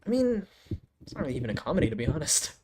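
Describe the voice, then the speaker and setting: Exasperated young man ranting, lively pitch. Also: racing. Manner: exasperated, profane rant with frequent restarts. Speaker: anime reviewer. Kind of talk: casual ranking commentary. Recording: noisy home recording.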